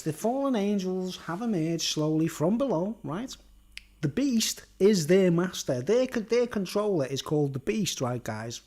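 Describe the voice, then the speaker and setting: A man's voice: high voice, darkish tone. A man, rambling through a monologue and constantly tacking on "right?" and "you know what I mean?", blunt and sweary, with chuckles. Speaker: vlogger.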